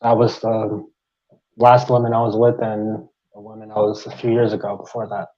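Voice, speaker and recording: A man's voice: lowish voice, completely flat delivery, moderate pace, mellow. Hesitant man on a muffled call. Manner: hesitant, rambling with fillers. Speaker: guest caller. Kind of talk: casual chat.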